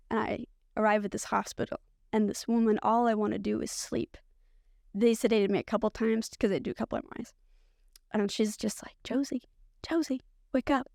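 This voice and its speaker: A woman's voice: mid-range voice, level tone, brisk, vocal fry, a little mellow, dry recording, clean studio sound. A woman, a podcast guest, telling her own story candidly and loosely, with a lot of "like" fillers. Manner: candid, rambling, frequent "like" fillers. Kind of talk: personal storytelling.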